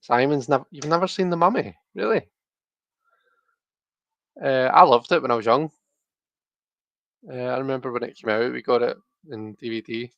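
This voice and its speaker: Gravelly chatty man. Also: medium pitch, steady tone, moderate pace, fairly bright tone, no echo, muffled recording. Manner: rambling, chatty, many restarts and fillers. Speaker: tarot livestream host. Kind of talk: casual chat to live viewers.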